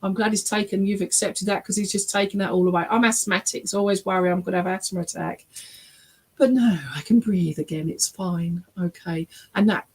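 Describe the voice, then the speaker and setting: A woman's voice: medium pitch, steady tone, fairly quick, slightly rough, low-quality recording. A woman gives a mediumship reading during an online church service. She talks in a chatty, friendly way. She often laughs and keeps checking in with the listener. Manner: chatty and warm, often checking in with "all right?" and "okay?"; laughs often while talking. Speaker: spiritualist medium.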